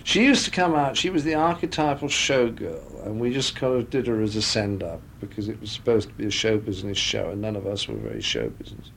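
A man's voice: on the low side, animated, brisk, creaky, hardly any pauses, fairly bright tone, slight background noise. A man talking as a guest in a radio interview, telling chatty anecdotes into a studio microphone.

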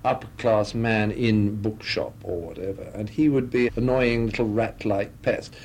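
A man's voice: fairly low pitch, unhurried, darkish tone. A man talking as a guest in a radio interview, telling chatty anecdotes into a studio microphone.

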